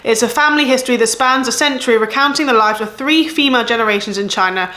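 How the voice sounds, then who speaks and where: A woman's voice: fairly high pitch, fast talker, sharp tone, reverberant. A woman in her thirties with an English accent, chatting casually about her month of reading, rambling and correcting herself as she goes. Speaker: book vlogger. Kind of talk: casual chat.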